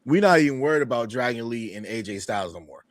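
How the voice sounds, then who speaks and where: A man's voice: mid-range voice, expressive, dry recording. A man co-hosting a wrestling review, chatting casually, often stopping to restart and laughing easily. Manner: halting, with frequent restarts and easy laughter. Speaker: podcast co-host reviewing wrestling.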